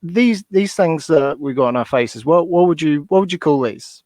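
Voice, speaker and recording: A man's voice: a little high, lively intonation, moderate pace, darkish tone, dry recording. A man who is a guest on a podcast, chatting casually, hesitant and restarting his sentences, chuckling between points. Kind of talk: casual chat.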